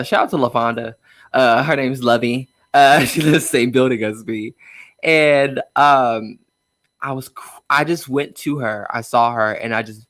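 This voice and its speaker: In a candid conversation inside a car, a young adult guest shares a personal story with feeling, scattering fillers and nervous laughs throughout. The recording is dry, and his mid-range voice has a fairly bright tone.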